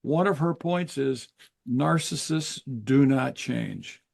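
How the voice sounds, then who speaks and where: An older man, a guest author in an interview, explaining in an earnest, measured way with pauses. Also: medium pitch, gravelly, a little mellow. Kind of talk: interview conversation.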